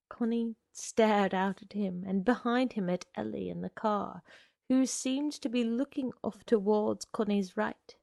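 A woman reads a story aloud at an unhurried, deliberate pace. Her voice has a gravelly fry, and the recording is close and dry. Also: medium pitch, a little mellow, no echo. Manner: measured, deliberate narration. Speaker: narrator. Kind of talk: audiobook story reading.

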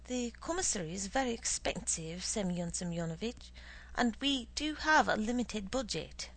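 A woman reading aloud and voicing a timid, stingy male superintendent who speaks hoarsely and dolefully. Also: medium pitch, animated, moderate pace, a bit bright.

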